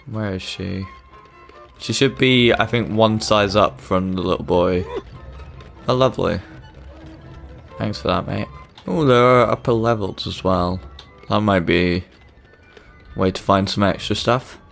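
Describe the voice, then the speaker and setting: A young man with a lowish, gravelly voice talks through his gameplay in a chatty, self-mocking way. Faint game music sits under his commentary. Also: fairly even intonation, a little slow, long pauses, a bit bright. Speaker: gaming channel host. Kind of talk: let's-play commentary.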